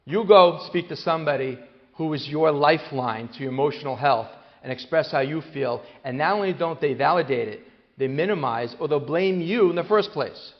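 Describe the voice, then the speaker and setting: A man with a fairly high voice lectures a live audience, switching into playful quoted voices to make his points. The sound is muffled and lo-fi, with a long reverb from a large hall. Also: moderate pace. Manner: animated, acts out quoted voices with jokes. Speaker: speaker on parenting.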